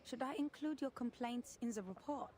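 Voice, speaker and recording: An actress playing a stern, cold female inspector in a game cutscene, curt and deadpan. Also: on the high side, moderate pace, husky.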